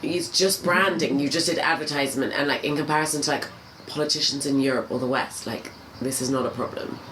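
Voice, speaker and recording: A woman's voice: extremely low pitch, a little fast, echoey room, background noise. A woman, a stand-up comic as a podcast guest, chatting casually and rambling through her thoughts with restarts. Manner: loose, rambling, many fillers and restarts. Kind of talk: casual chat.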